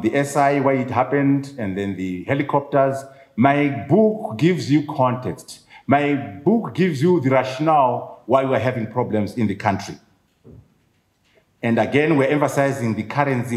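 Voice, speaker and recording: A man's voice: mid-range voice, a little mellow. A middle-aged man with a Zimbabwean accent, an author addressing an audience at his book launch, driving points home with rhetorical questions and repetition. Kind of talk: public speech. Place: event venue, echoing room. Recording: echoey room.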